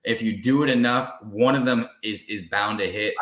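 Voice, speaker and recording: A man's voice: lowish voice, normal speed, a bit bright. Earnest man in a roomy room. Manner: earnest, emphatic advice-giving. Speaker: car sales guest. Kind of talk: casual interview chat.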